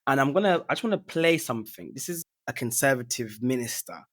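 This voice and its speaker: Relaxed man hosting an interview. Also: medium pitch, fast, dry recording. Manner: brief affirming responses, relaxed. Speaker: podcast host. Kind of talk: casual interview.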